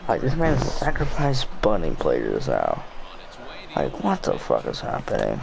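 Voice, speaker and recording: A man's voice: fairly low pitch, wildly swooping pitch, unhurried, gravelly, crowd noise, low-quality recording. A young man commentating his own baseball gameplay, frustrated and swearing, muttering at himself. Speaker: gaming YouTuber.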